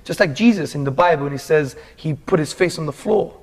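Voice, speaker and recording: A man's voice: on the high side, brisk. Earnest man telling a heartfelt story. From England. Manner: animated, earnest, calls the listener "bro". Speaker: guest telling his conversion story. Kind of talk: casual interview storytelling.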